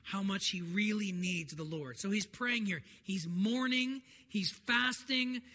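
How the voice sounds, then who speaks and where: A man's voice: high-pitched, slow, pushed and bright. A man, a pastor, preaching a sermon to his congregation in an earnest, conversational way. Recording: long hall reverb, faint noise.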